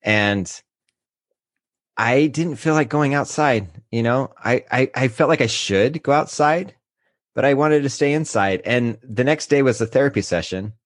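A man's voice: mid-range voice, dry recording. A man in his thirties speaks candidly on a podcast, sometimes catching himself as emotion rises. His voice sits dry and close to the mic, with no room sound. He comes across as open and unguarded. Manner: candid, emotional, halting when moved. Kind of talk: casual podcast chat.

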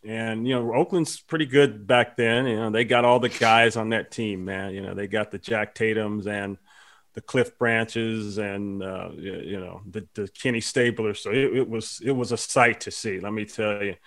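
A man's voice: on the low side, moderate pace. A man hosting a casual sports chat, telling stories with lots of fillers. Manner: animated storyteller with lots of fillers. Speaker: podcast host.

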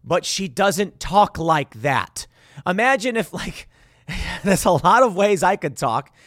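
A man's voice: sits high, lively intonation, slow pace, a bit bright, dry recording, studio quality. Sarcastic man doing clip commentary. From Chicago. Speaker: political commentary host. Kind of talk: reacting to news clips.

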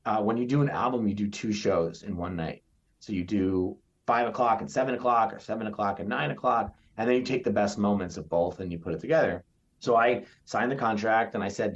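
Lively storytelling man, lo-fi. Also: lowish voice, fairly quick. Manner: animated storyteller, acts out quotes. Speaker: stand-up comedian, podcast guest. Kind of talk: casual interview chat. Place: New York area.

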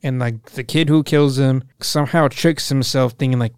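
A man's voice: mid-range voice, moderate pace, smooth, no room sound, studio quality. Profane young man recapping a show. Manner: profane, animated retelling with quoted voices. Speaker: podcast co-host. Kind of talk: casual chat recapping a show.

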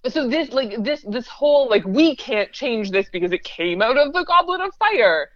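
A woman co-hosting a casual podcast chat, talking fast and laughing often. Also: a little high, big pitch swings, a bit bright, no room sound, highs cut off. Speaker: podcast co-host.

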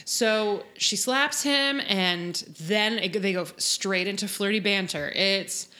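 A woman's voice: medium pitch, slow, pushed and bright. A woman co-hosting a podcast, chatting casually and animatedly as she retells scenes. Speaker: podcast co-host. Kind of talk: casual recap chat.

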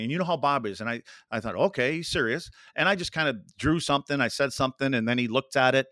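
A man's voice: medium pitch, fast talker, hardly any pauses, pushed and bright, no room sound. An older man, a podcast guest, telling casual hockey stories with rambling anecdotes and acted-out quotes. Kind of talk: casual storytelling.

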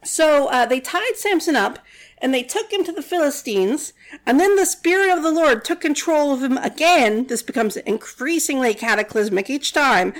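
High-voiced woman retelling a tale, sarcastic. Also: expressive, normal speed. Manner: chatty and sarcastic, many "like" fillers. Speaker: storyteller. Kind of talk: casual retelling of a Bible story.

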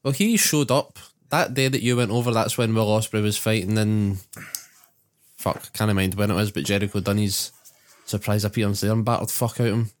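A Scottish man with a slightly low voice, co-hosting a podcast. He runs through the recaps in loose, sweary banter. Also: steady tone, fairly quick. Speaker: podcast co-host. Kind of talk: casual chat.

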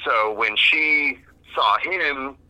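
A man's voice: medium pitch, drawn-out words, sharp tone. A man calling in to a radio show, telling a family story in a plain, matter-of-fact way. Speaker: caller. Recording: tinny phone line.

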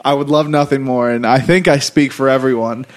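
A man's voice: medium pitch, steady tone, brisk. Dry, teasing young man podcast co-host. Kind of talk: comedic casual podcast banter.

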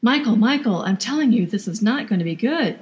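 A woman plays a distraught passenger whose voice leaps high as she begs and cries out. The sound carries a long hall reverb. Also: lively intonation, fairly quick, natural voice. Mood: pleading, distraught.

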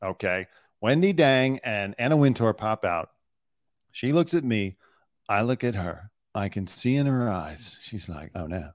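A man's voice: fairly low pitch, lively intonation, unhurried, no echo, clean studio sound. Sarcastic man telling gossip. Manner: joking, sarcastic, storytelling with put-on quotes. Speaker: podcast host, former celebrity news cameraman. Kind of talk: casual comedic chat.

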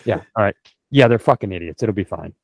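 A man's voice: lowish voice, lively intonation, fast talker, vocal fry, no echo. A man on a podcast doing improvised comedy banter, profane and full of mock threats. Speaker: podcast co-host.

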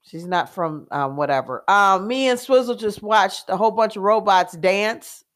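A woman, co-hosting a loose, casual chat. She tells stories in an animated way, full of fillers and quick laughs, and her pitch sits in an ordinary middle range. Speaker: co-host.

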